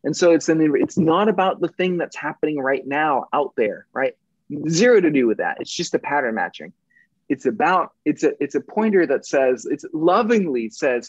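Husky-voiced man, emphatic and profane. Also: fairly high pitch, moderate pace, dry recording, highs cut off. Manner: emphatic, profane, animated, swings between intense and gentle. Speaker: podcast guest. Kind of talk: casual conversation.

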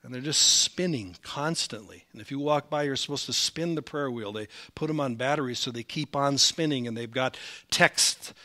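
A male senior pastor preaching a sermon, animated, rising in volume when he reads scripture and slipping in self-deprecating asides. His accent is Upper Midwest American. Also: mid-range voice, moderate pace. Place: church sanctuary.

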